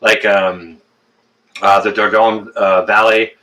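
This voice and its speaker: A man's voice: fairly low pitch, flat delivery, takes it slowly, bright, forceful tone. A Canadian man in his fifties chatting casually with viewers on a live stream, joking and teasing, with frequent fillers and restarts. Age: 50s. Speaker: livestream host.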